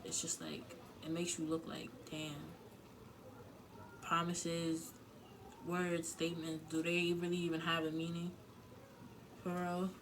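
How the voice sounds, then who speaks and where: A woman's voice: lowish voice, completely flat delivery, takes it slowly, long pauses, noisy background. A woman giving frank relationship advice in a casual vlog, talking candidly with plenty of filler words and some swearing. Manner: emotional, close to tears at times.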